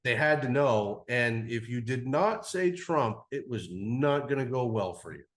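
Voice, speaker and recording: A man's voice: medium pitch, lively intonation, unhurried. A man in his forties, a podcast guest, telling a travel story in a loose, rambling way full of "like" and casual swearing. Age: 40s. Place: cigar podcast studio.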